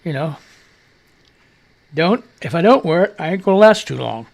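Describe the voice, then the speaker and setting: A man's voice: a little high, animated, moderate pace, creaky. A man hosting a live radio show, telling a rambling story in casual chat with fillers and mild cursing.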